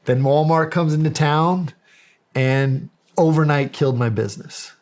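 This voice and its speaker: A man's voice: fairly high pitch, measured pace, a little mellow. A middle-aged American man telling a story in a podcast interview, acting out the quoted dialogue with animation. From United States. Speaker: guest, county sheriff.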